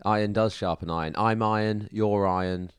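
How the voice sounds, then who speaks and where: Deep-voiced, laid-back male podcast co-host. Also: fairly even intonation, clear, resonant tone, no room sound, studio quality. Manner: laid-back, halting with restarts. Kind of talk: casual chat.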